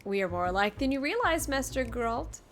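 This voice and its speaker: A woman voicing a pompous, courteous older male goldsmith and merchant in a fan voice-over of a game cutscene, speaking in a measured, formal way. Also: on the high side, sing-song, faint music behind. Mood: composed.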